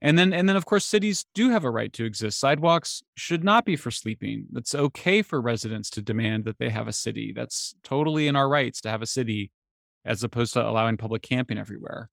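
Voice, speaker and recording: A man speaking as an author guest in a casual interview, animated and getting exasperated at times. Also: medium pitch, fairly quick, gravelly, dry recording, clean studio sound. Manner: animated, voice jumps up when exasperated.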